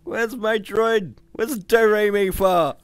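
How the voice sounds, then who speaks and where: A man voicing a timid young male hero in a high, squeaky, anxious voice. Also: steady tone, moderate pace, darkish tone, clean tone, dry recording, studio quality, close to an everyday voice.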